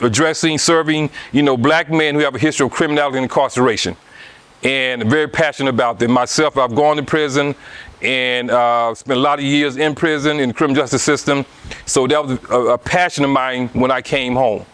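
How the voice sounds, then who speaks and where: A middle-aged man with a Southern accent speaks to a live audience at a book talk. He talks at an even middle pitch and keeps circling back with fillers and restarts as he explains his ideas. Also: clear, resonant tone, no room sound. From Alabama, US. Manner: hesitant, many restarts and fillers. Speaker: author giving a book talk.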